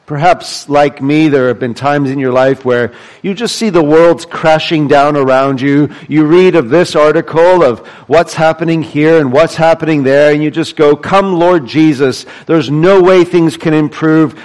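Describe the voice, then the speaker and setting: A man preaching from the pulpit, his voice sitting a little higher than most men's. He walks through a psalm verse by verse, pressing points home with repeated phrases and rhetorical questions. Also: steady tone, moderate pace, darkish tone, rough recording. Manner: expository preaching, emphatic repetition, rhetorical questions. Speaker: pastor. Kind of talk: sermon.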